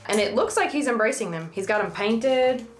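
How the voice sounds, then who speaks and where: A woman's voice: fairly high pitch, expressive, moderate pace, noisy background. A woman with a Southern US accent chatting casually through a DIY craft vlog, joking and rambling, now and then stumbling over her words, recorded in a bathroom. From Southern United States.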